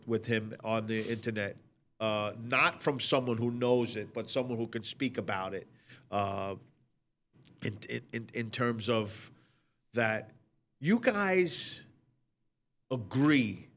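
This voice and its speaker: A man interviewing his co-host, asking questions haltingly, with many restarts and fillers. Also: mid-range voice, a bit bright, a little hiss or hum. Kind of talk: casual interview chat.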